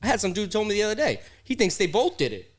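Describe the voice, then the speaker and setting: A man's voice: high voice, fast. A man co-hosting a podcast in casual, teasing banter. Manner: animated, teasing, jumps into voices and mock pronunciations. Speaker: podcast co-host.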